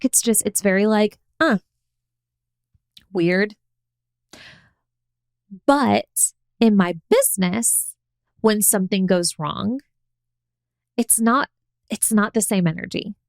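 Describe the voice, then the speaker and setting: A young woman hosting a podcast, coaching listeners in a chatty, animated way and acting out her own inner thoughts. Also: medium pitch, a little slow, pauses often, no room sound. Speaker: podcast host. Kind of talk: casual coaching monologue.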